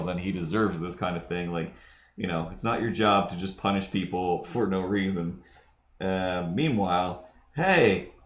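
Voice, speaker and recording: Deep voiced guy rambling thru stories on his drawing stream, echoey room. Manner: rambling, digressive storyteller. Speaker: livestream host. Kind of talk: casual livestream chat while drawing.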